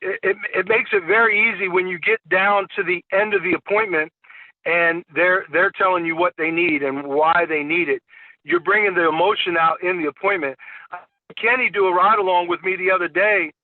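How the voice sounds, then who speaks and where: A man's voice: sits high, steady tone, normal speed, no echo. A man, an insurance sales agent, giving a sales training talk and telling stories with acted-out client dialogue, often repeating words as he restarts. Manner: storytelling, acting out client dialogue. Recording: tinny phone-like call audio, dry.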